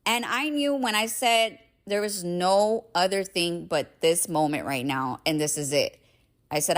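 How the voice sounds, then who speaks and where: A woman's voice: on the low side, a little slow. A young adult woman hosting her own podcast, talking in an emphatic, casual motivational monologue full of "like" and swearing. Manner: emphatic, swears freely, heavy use of "like". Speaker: podcast host.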